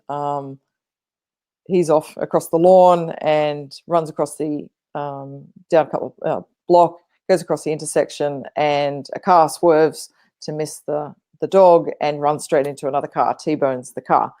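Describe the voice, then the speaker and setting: A woman's voice: deep voice, steady tone, a little slow, mellow, no room sound. A woman co-hosting a podcast, telling stories in a rambling, casual way with many fillers. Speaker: podcast co-host. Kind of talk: casual spiritual chat.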